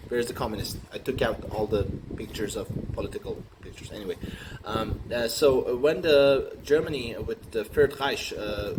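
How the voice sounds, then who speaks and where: A man riffing through an improvised comic monologue, rambling and halting with many fillers and restarts. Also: mid-range voice. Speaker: comedian. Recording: noisy recording with room ambience.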